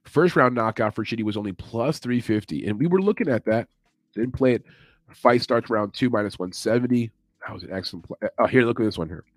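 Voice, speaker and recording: A man's voice: medium pitch, brisk, dry recording. A man hosting a casual sports betting podcast, loose and chatty, thinking aloud as he goes. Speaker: MMA betting podcast host. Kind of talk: casual chat.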